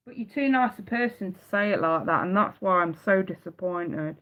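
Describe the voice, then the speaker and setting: Blunt, sweary tarot reader. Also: female voice, fairly low pitch, moderate pace. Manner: blunt, heavy swearing, emphatic repetition. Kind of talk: live-streamed tarot reading. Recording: dull lo-fi sound.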